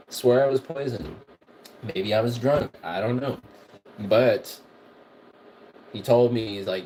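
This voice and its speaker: A man's voice: medium pitch, slow pace, pauses often, warm tone, slight background noise. A man hosting a livestream, rambling, profane and repetitive as he tells stories while cooking in his kitchen. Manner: rambling, profane, repeats himself. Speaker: music producer and livestream host. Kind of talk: casual storytelling livestream.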